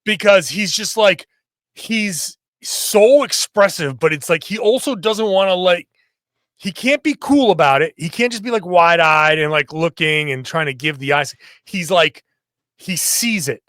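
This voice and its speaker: A podcast co-host breaking down a basketball play in an expressive, rambling way. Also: male voice, high voice, unhurried, no echo, clean studio sound. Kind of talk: sports analysis chat.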